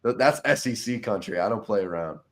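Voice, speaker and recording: A man's voice: on the low side, animated, brisk. A young man co-hosting a casual sports podcast, rambling with lots of "like" and false starts. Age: young adult. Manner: rambling, full of "like" and restarts. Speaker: podcast co-host.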